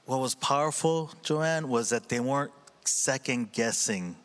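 A man, a pastor, sharing an earnest story and reflection from the pulpit, with many pauses, fillers and restarts. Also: medium pitch, fairly bright tone. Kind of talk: sermon reflection before communion.

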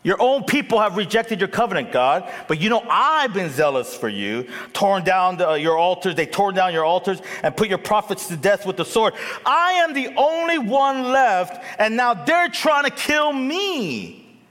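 A man's voice: sits high, very animated, moderate pace, a bit bright, pitched above the performer's own voice. A man acting out a self-pitying prophet who whines in a raised, strained voice. His complaints swing widely up and down and ring out in a long, echoing hall. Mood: whiny. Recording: echoey hall.

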